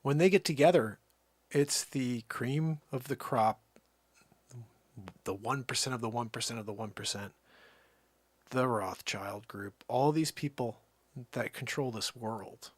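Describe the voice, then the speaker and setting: A man's voice: mid-range voice, unhurried, long pauses, no room sound. A man hosting a livestream, ranting in a heated, sarcastic and exasperated way. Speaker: livestream host. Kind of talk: ranting live commentary.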